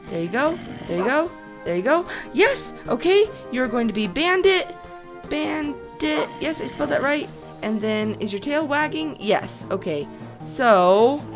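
A young woman hosting a Minecraft let's play, bubbly and excitable, gasping and shrieking at what happens. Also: sits high. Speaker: host.

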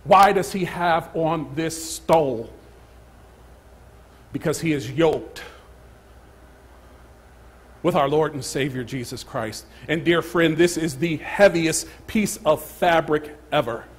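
Husky pastor preaching, hushed to emphatic. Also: male voice, on the high side, slow, pauses often. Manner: swings from hushed whispers to loud emphatic calls. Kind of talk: sermon. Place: church sanctuary.

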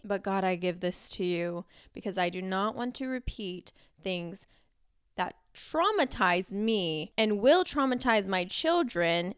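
Earnest woman with smooth, dry voice. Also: medium pitch, fairly bright tone, no echo. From Costa Rica. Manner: heartfelt, earnest, with small laughs. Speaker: podcast host. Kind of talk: personal faith talk.

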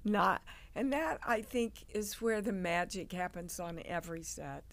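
A woman, a guest on an interview show, telling stories in an animated way and acting out the people in them. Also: lowish voice, unhurried. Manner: animated, acts out quoted people. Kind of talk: casual interview storytelling.

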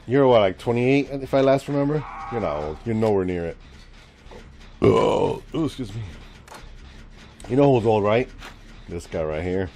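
A man's voice: fairly low pitch, moderate pace, long pauses. A man in his forties chatting with his viewers and joking around as he streams a game. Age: 40s. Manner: chatty, jokey, talks to chat while playing; lively, swings from mumbling to loud exclamations. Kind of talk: live game stream chat.

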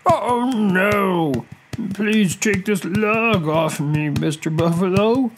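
A storyteller voicing a whining male crocodile who begs in long, drawn-out cries. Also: mid-range voice, a little hiss or hum, pitched above the performer's own voice. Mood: pleading. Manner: drawn-out slow pleading cries. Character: whining high-pitched male crocodile, pained then pleading.

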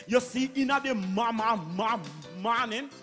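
A man's voice: very high voice, unhurried, pushed and bright, long reverb tail, faint music behind, full character voice. A man voicing a proud, sly male Bible salesman with a Jamaican accent who stammers heavily in broad patois. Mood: boastful.

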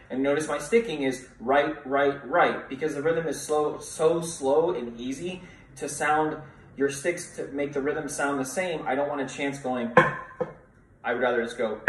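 A man's voice: on the high side, normal speed, recorded from a distance. Brief: male music teacher coaching students, counts beats aloud, set back from the mic, faint hiss behind him. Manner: counts rhythms aloud and chants along; encouraging, coaching students to play along. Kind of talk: snare drum tutorial. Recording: roomy echo, voice from off the mic.

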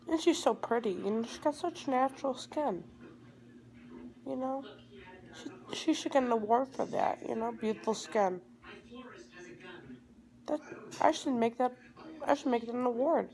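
Holding her phone at arm's length indoors at home, a teenage vlogger groggily rambles after surgery. She speaks in a somewhat high, darkish voice at a moderate pace, leaving long pauses. The recording quality is low.

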